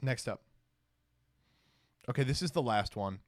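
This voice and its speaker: A man's voice: medium pitch, lively intonation, unhurried, pauses often, no room sound, studio quality. A man streaming casual reaction commentary, exasperated and sarcastic, swearing at his chat.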